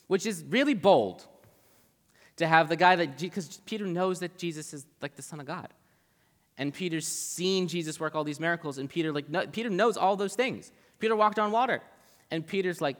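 A man's voice: on the high side, lively intonation, normal speed, fairly bright tone. A young man giving a casual Bible talk as a preacher, chatty and conversational, with lots of "like" in his speech. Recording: long reverb of a large hall.

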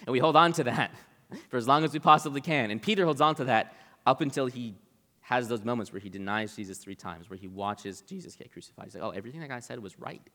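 A man's voice: medium pitch, fairly quick, pushed and bright. A young man giving a casual Bible talk as a preacher, chatty and conversational, with lots of "like" in his speech. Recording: long reverb of a large hall.

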